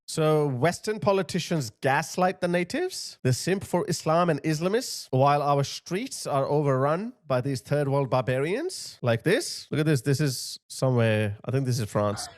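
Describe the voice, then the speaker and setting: Heated guy ranting on his channel, scornful, kinda high voice, dry close sound. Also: animated, normal speed, few pauses, no room sound. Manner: scornful and heated, repeating short jabs. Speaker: commentary channel host. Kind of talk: ranting video commentary.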